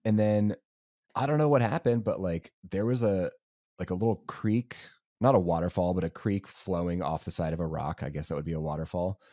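Low, mellow-voiced casual man. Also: a little fast, no echo, studio quality. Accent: Southern US. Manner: rambling, many fillers like "like" and "um". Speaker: podcast co-host. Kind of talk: casual race recap storytelling.

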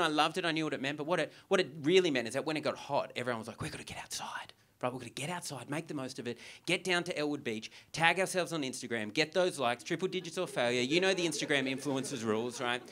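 Live on stage at a theatre comedy club, a young Australian man performs a stand-up set in a bright, forceful, medium-pitched voice. He tells stories, swears, and acts out dialogue, with audience noise audible throughout the recording.

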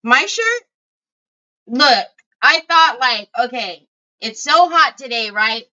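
Hosting a craft livestream, a middle-aged woman chats casually and greets viewers by name. Her slightly high voice is slow, pushed, and bright, and the home stream audio is dull and lo-fi.

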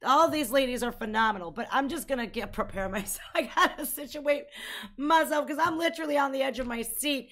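A woman's voice: high-pitched, a little fast, fairly bright tone. A woman hosting a music reaction video, gushing and exclamatory, fangirling over a band. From United States. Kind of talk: excited music reaction chat.

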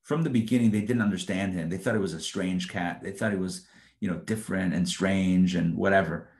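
A man, a rabbi, teaching an informal live Torah lesson in an animated, conversational way, often acting out the quotes. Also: sits low, fairly quick. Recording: roomy echo.

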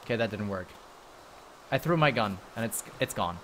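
A man streaming a game live, commenting excitedly, swearing often and talking to his chat. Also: fairly low pitch, normal speed, slight background noise. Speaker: livestreamer.

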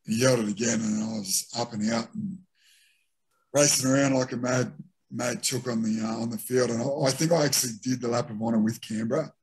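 Here the former rugby league player, a middle-aged Australian, talks briskly in a slightly rough, medium-pitched voice. He tells animated stories from his career during a casual interview, mimicking what teammates said.

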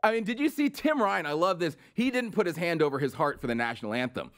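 A man's voice: fairly high pitch, expressive, fast, a bit bright. A man hosting political commentary, delivering a sarcastic, mocking comedic rant full of incredulous questions.

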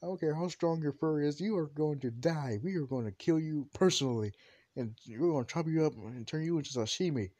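A man's voice: a little high, a little fast, warm tone, voice pushed up, close to an everyday voice. A man voicing an angry teenage boy who makes crude threats against a rival in a storybook fan tale. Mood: murderous.

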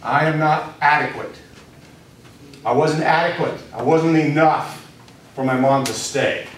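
A man's voice: a little high, slight background noise. A man teaching a spiritual course, speaking candidly to a small group and telling stories from his own life. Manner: candid storytelling, speaks straight to listeners. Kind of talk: personal talk to a small group. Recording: very echoey room, from a distance.

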